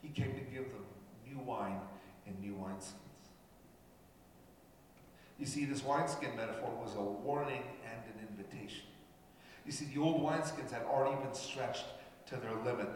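A man's voice: mid-range voice, moderate pace, slight background noise. A man from Canada preaching a sermon, talking conversationally and addressing the congregation directly. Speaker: pastor. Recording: echoey hall with long reverb.

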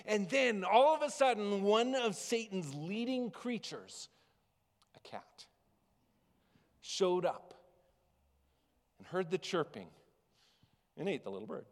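A man preaching a sermon as pastor, telling a story with big swings between loud and hushed. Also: high-pitched, very animated, slow pace, pauses often. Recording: long reverb of a large hall.

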